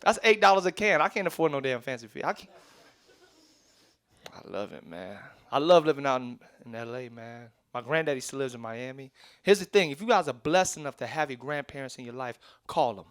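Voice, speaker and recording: A young man doing a stand-up comedy set on a club stage, telling stories in with quick asides to the crowd. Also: medium pitch, lively intonation, fairly bright tone, clear, resonant tone. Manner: loose, streetwise storytelling with quick asides to the crowd.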